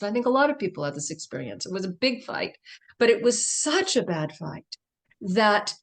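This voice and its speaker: A middle-aged woman, a guest on a spiritual livestream, telling an intimate personal story in a reflective way. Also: mid-range voice. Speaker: guest speaker.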